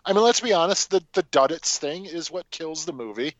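A man's voice: on the high side, animated, brisk, no room sound. A man co-hosting a casual film podcast, talking animatedly and swearing freely. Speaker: podcast co-host.

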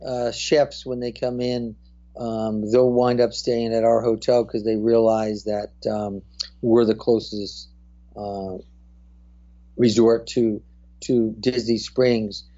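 A man from New Jersey with a New Jersey accent, a guest in a casual interview, speaking haltingly with many fillers. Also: mid-range voice, flat delivery, mellow, highs cut off. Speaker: guest, hotel representative.

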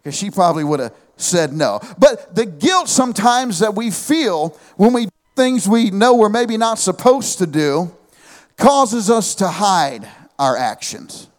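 High-voiced man preaching a lively sermon. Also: unhurried, in a large hall. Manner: animated preaching with humorous asides and calls of amen.

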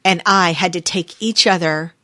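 A woman's voice: on the low side, moderate pace, a bit bright, no room sound, clean studio sound. A woman co-hosting a casual faith chat, emphatic and plain-spoken. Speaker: co-host of a women's faith talk.

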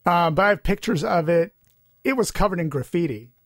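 High-voiced man in casual chat. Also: lively intonation, a little fast, dry recording, studio quality. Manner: rambling, full of restarts and fillers. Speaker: podcast co-host.

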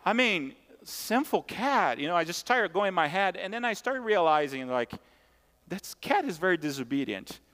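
A man's voice: high-pitched, big pitch swings, moderate pace, fairly bright tone. A man preaching a sermon as pastor, emphatic and conversational, repeating key points and tossing asides to the congregation. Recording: long hall reverb.

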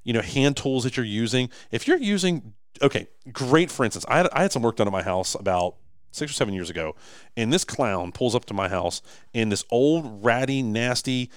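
A business owner co-hosting a casual podcast speaks in an animated, emphatic way and frequently restarts his sentences. His voice is mid-range at a moderate pace, and the recording is clean studio sound with no room noise.

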